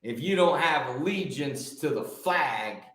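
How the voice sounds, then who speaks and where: A male host giving an emphatic, preachy motivational monologue, stretching key words out slowly. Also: fairly high pitch, expressive, fairly bright tone. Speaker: show host. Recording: very echoey room.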